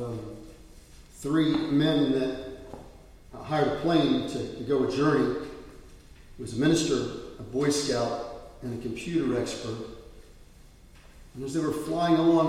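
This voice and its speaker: A man's voice: mid-range voice, a little mellow, slight background noise. A man preaching as pastor, moving from scripture reading into loose, filler-laden storytelling. He is heard from far off the mic. A long, roomy echo fills the church around him. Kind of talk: sermon. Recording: echoey church hall from far off.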